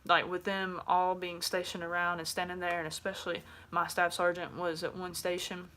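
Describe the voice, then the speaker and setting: Chatty low-voiced woman in her twenties. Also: level tone, moderate pace, pushed and bright. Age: 20s. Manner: chatty, frank, many fillers. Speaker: vlogger. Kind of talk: casual talk to camera.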